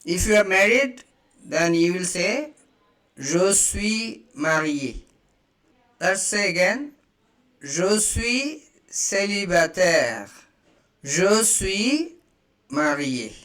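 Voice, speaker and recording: A man teaching a beginner lesson, slowly saying each phrase twice and explaining it in English. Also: sits high, a bit bright. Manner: slow, repeats each phrase, spells out examples. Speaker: French teacher. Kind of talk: slow beginner language lesson.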